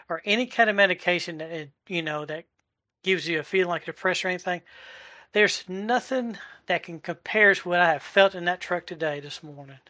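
A man in his forties giving a heartfelt personal testimony, halting and searching for words as he goes. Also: high voice, sharp tone, no room sound, studio quality. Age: 40s. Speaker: delivery driver sharing a testimony. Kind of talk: emotional personal testimony in a live chat.

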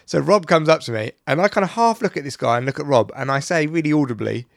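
A man's voice: a little high, lively intonation, quick pace, vocal fry, dry recording. Man, podcast host; blunt, sweary storyteller, dry close mic. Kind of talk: casual chat.

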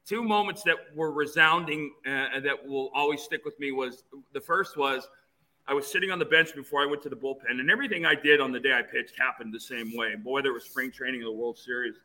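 A man in his fifties from Phoenix, a guest telling stories in an animated way with many restarts. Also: mid-range voice, fast, poor audio. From Phoenix, USA. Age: 50s. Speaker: interview guest, former player. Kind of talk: storytelling in an interview.

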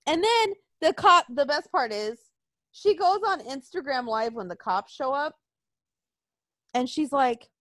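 A young woman with a high, very lively voice tells stories in a loose, profane way, slipping into the voices of the people she quotes. The sound is dry and close, with no room around it. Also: measured pace, no room sound. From Arizona. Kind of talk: casual chat, storytelling.

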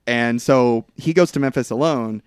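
A man co-hosting a podcast, casually recapping a movie plot with lively quoted lines and frequent laughs. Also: medium pitch, normal speed, clear, resonant tone, no room sound, studio quality. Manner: animated storytelling, quotes characters in put-on voices, laughs often. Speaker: podcast co-host.

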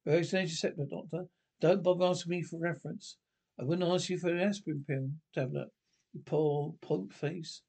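A man's voice: fairly high pitch, steady tone, moderate pace, creaky, a little mellow, husky. An actor playing an indignant young male doctor who quits his hospital job, with cheeky, blunt insults in 1960s British film comedy style.

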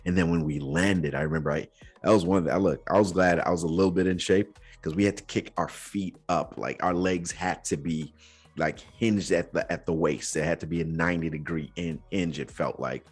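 Low, husky-voiced man telling a story. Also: moderate pace, soft background music. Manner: earnest, reflective, slips into casual slang. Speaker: podcast host. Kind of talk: personal storytelling.

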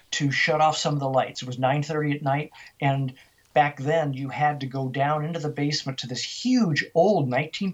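An older man, a guest on an interview show, telling a ghost story in a lively way and acting out the voices of the people in it. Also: a little high, breathy edge, muffled recording.

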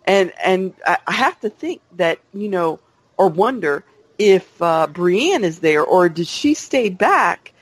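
High-voiced playful man chatting. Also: slow, no room sound. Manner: animated, playful, fan-like. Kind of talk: casual chat about a TV trailer.

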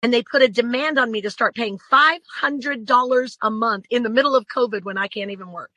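A woman's voice: a little high, brisk, bright, forceful tone, no echo, low-quality recording. A woman as an interview guest telling a personal story in an earnest, emphatic way.

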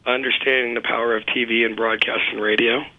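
A man appearing as a company chief on a talk radio show, explaining in a steady, businesslike manner. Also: medium pitch, brisk. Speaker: guest, company CEO. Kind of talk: casual talk radio interview. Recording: slightly dull, lo-fi radio audio.

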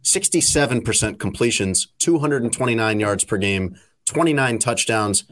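A man hosting a sports talk show, teasing his guest and running through stats in a casual, lively way. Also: on the low side, normal speed. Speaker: sports radio host.

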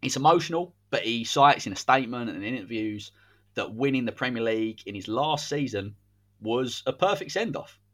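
A man's voice: mid-range voice, animated, brisk, fairly bright tone. A man, hosting a podcast and telling a football story in a casual, dramatic way. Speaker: podcast host.

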